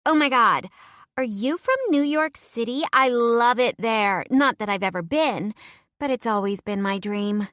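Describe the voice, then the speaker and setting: A woman reading an audiobook, voicing a friendly, bubbly young woman at a biker party in a raised, brighter voice. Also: mid-range voice, measured pace, no echo, clean studio sound, pitched above the performer's own voice, lightly acted. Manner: eager, chatty.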